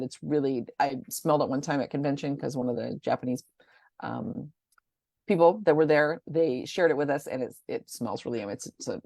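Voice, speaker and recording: Low, gravelly-voiced woman chatting about products. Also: darkish tone, no room sound, studio quality. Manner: rambling, chatty, stumbles over product names. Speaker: essential oil presenter. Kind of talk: casual product rundown.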